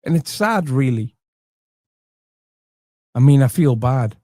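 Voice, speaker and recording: A man's voice: medium pitch, expressive, takes it slowly, mellow, no room sound. A middle-aged man reacting to clips with dry, sarcastic asides from a room at home. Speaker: commentary host. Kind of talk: comedic reaction commentary.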